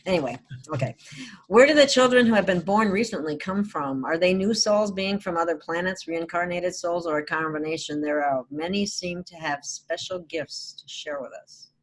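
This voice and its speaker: A woman's voice: on the low side, normal speed, a little hiss or hum, low-quality recording. A woman hosting a casual podcast who reads out listener questions and laughs easily. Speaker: podcast host.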